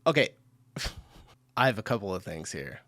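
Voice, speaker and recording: A man's voice: lowish voice, sing-song, unhurried, a bit bright, dry recording, clean studio sound. An American man hosting a reaction video, chatting casually, thinking aloud and often laughing between comments.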